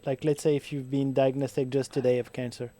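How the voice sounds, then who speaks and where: A man's voice: medium pitch, flat delivery, fairly quick, dark tone. A man hosting a podcast, asking short questions and prompting his guest. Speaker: podcast host. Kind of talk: interview questions.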